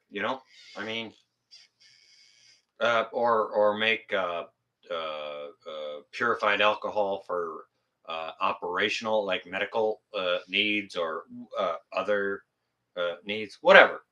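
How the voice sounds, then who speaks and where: A man's voice: on the low side, bright, forceful tone, muffled recording. A man hosting a casual livestream, chatting with viewers and rambling with lots of fillers and jokes. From Canada. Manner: rambling and joking with frequent fillers. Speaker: livestream host reading chat.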